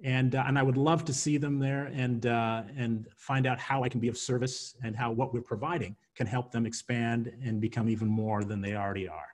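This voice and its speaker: A man's voice: mid-range voice, fairly even intonation, brisk, hardly any pauses. Earnest man from Jamaica, hesitant ums. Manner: earnest, frequent ums and restarts. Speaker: guest, hospitality sales consultant. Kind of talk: interview answer, promoting his group.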